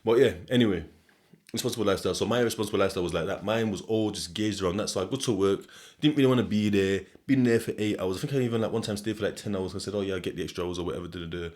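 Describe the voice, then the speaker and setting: Talking very fast in a lowish, darkish voice, a young English podcast host with a broad Sheffield accent rambles through a loose, casual monologue. He swears freely, laughs often and keeps looping back on himself mid-thought.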